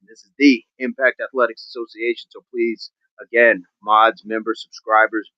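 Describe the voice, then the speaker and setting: A man of ordinary pitch closes out his fitness livestream, talking to his viewers in a loose, joking, rambling way. The sound is dry and a little muffled. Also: little pitch movement, moderate pace, dry recording. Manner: upbeat, rambling, jokey sign-off. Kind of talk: casual livestream chat to viewers.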